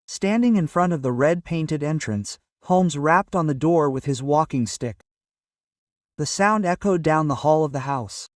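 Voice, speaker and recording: A man's voice: fairly high pitch, expressive, unhurried, no echo. Dry, distant male audiobook narrator.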